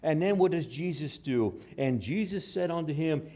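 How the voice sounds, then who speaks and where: A man preaching a sermon, moving between hushed, slow passages and raised, emphatic ones. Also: on the high side, expressive. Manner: dramatic shifts between hushed and raised delivery. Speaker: pastor.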